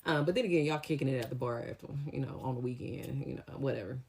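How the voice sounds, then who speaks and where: Low-voiced young woman telling a story. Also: fast talker, breathy edge. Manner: animated, slangy storytelling with lively acted-out quotes. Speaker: storytime vlogger. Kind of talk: casual storytime.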